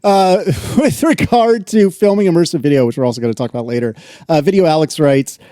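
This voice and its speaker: A man's voice: a little high, brisk, dark tone, dry recording, studio quality. A man co-hosting a casual tech podcast, reading listener letters aloud and laughing often. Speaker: podcast co-host.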